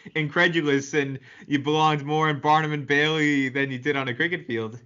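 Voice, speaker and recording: A male podcast host asks his guest questions at a measured pace, with a touch of amusement. His voice is bright and sharp. The recording sounds dull and lo-fi. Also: fairly high pitch, fairly even intonation, clean tone. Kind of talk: interview questions.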